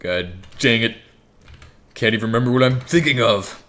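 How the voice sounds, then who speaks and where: A man's voice: mid-range voice, normal speed, sharp tone. A young man giving rambling, joking gameplay commentary, swearing freely. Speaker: gaming YouTuber.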